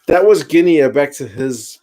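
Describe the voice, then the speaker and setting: A man's voice: on the high side, expressive, a little slow, warm tone. A man, chatting casually on a live stream as host, answering viewer comments while watching a rugby match.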